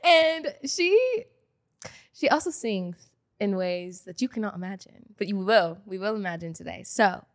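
A woman's voice: medium pitch, animated, a little slow. A young woman hosting a casual podcast chat, bubbly and gushing, talking chattily with lots of "like". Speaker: podcast host.

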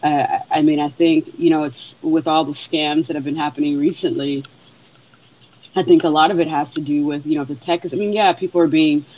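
A man with a fairly high voice talks earnestly in a live audio chat, rambling but emphatic. The audio is muffled, with a faint hiss behind it. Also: steady tone, a little fast, a little mellow.

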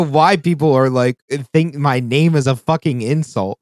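A man's voice: mid-range voice, normal speed, a little mellow, no room sound, studio quality. A man co-hosting a casual podcast chat, talking in a profane, rambling way with frequent restarts. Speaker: podcast co-host.

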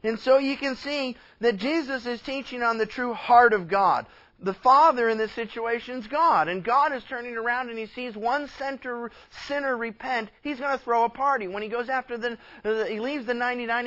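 A man preaching with a high, light voice, telling a story and slipping into the voices of its people as he goes. The sound is a bit dull and lo-fi. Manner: animated storytelling, acting out characters' lines. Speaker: pastor. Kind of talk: sermon.

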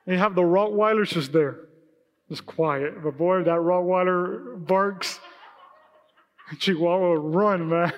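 With a measured pace, this high-pitched man gives an animated, casual sermon, dramatizing the quotes he cites. He is a pastor of Hispanic heritage who speaks Spanish, recorded live in a reverberant hall with faint music.

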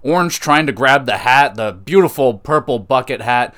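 A man hosting a podcast, reviewing wrestling shows in an excitable, casual way, laughing and swearing freely. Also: medium pitch, moderate pace. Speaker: podcast host.

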